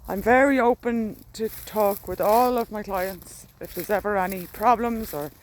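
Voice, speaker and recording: A woman's voice: medium pitch, moderate pace, a little hiss or hum. Chatty Irish woman walking outdoors. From Ireland. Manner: chatty, candid, walks while talking. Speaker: dog walker vlogging. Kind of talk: casual rambling diary vlog. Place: outdoors in a rural field.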